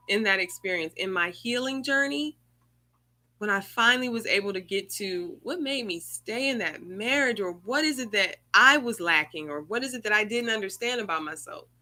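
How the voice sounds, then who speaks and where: A woman's voice: mid-range voice, lively intonation, moderate pace, pushed and bright. A woman hosting an online circle, telling a personal story in an earnest, conversational way over a video call. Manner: earnest, conversational, rising emotion. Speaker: circle host.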